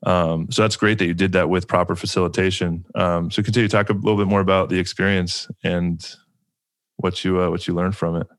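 Low steady-voiced guy hosting a chat, calm and thoughtful, dry close sound. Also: a little fast, dry recording. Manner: calm, reflective, many fillers like "you know". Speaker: podcast host. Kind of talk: conversational interview.

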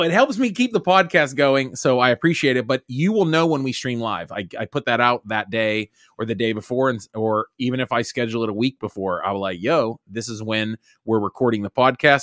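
Podcast dad in his 30s, super bright voice, dry close mic, rambly and goofy. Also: no room sound. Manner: loose, rambling, says "dude" and "boom" a lot. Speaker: podcast host. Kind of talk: casual podcast chat.

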